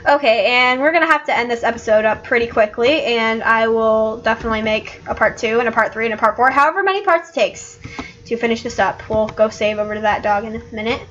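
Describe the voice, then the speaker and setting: Bright-voiced woman doing casual game commentary. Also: a little high, quick pace, lo-fi sound, soft background music. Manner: joking, offhand. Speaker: let's play host.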